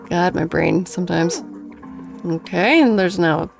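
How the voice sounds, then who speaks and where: A woman's voice: fairly low pitch, very slow, creaky, pauses often, soft background music. A woman streaming a game, chatting casually and playfully, laughing and reading lines aloud. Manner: playful and giggly, reads game dialogue aloud. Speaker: gaming streamer. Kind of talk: casual let's play commentary.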